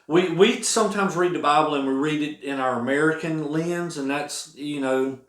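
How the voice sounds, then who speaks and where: A man's voice: a little high, moderate pace. A man earnestly talking about his song at home, rambling a little with many restarts. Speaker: singer-songwriter explaining his song. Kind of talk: casual spoken reflection. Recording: roomy echo.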